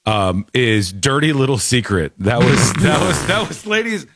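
A man hosting a talk show, telling stories in a rambling, animated way with quick asides. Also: medium pitch, dry recording, clean studio sound. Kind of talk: casual talk show chat.

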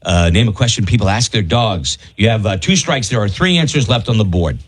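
A man hosting a casual game show among friends, playful and quick to laugh, stretching out questions like an announcer. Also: lowish voice, expressive, husky. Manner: playful, laughs easily, drawn-out mock announcer tone. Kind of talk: hosting a casual family-feud style game.

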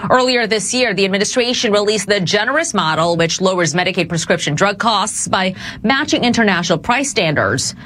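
A woman reporting the news in a steady, scripted way. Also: medium pitch, slight background noise.

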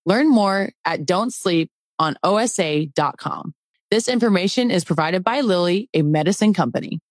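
A woman reads a scripted ad in a calm, measured way. Her voice sits a little low and the recording is very dry. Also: no echo. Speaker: ad announcer. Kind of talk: scripted ad read.

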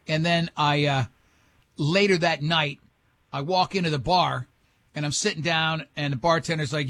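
Male radio host, slightly high voice, bright and forceful tone, rambling animated storyteller, acts out other people's lines. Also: moderate pace, no echo.

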